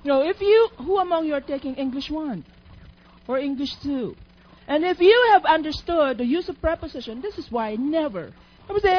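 A woman's voice: high voice, lively intonation, normal speed. A woman preaching a sermon in an emphatic, teacherly way, asking her listeners questions. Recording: dull lo-fi recording.

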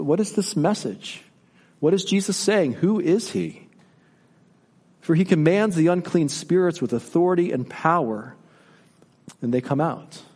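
A male pastor preaching a sermon, asking rhetorical questions and swinging between soft, low passages and rising emphasis. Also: long reverb tail.

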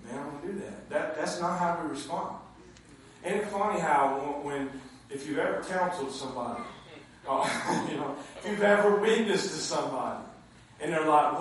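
A man preaching a sermon to a responding congregation, swinging between quiet asides and shouted high points. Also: moderate pace, slight background noise. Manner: animated, swinging from low asides to shouted climaxes. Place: church sanctuary with congregation. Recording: very echoey hall, mic from far off.

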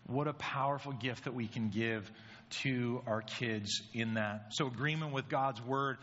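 A man's voice: mid-range voice, measured pace, a bit bright. A man preaching a sermon in a conversational way, often asking his listeners rhetorical questions. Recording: reverberant hall, dull lo-fi sound.

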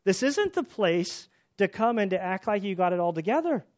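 A man's voice: sits high, big pitch swings, moderate pace, a little mellow. A man preaching an expository sermon as a pastor, earnest and candid, often restarting, his voice climbing when he presses a point, a little out of breath. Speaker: pastor teaching through scripture. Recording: dull lo-fi sound.

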